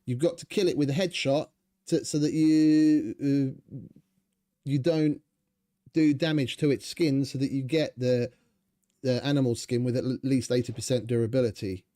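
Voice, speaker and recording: A man's voice: mid-range voice, fairly even intonation, normal speed, dark tone. A young man giving rambling, sarcastic, swearing commentary over his gameplay. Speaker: gaming channel host.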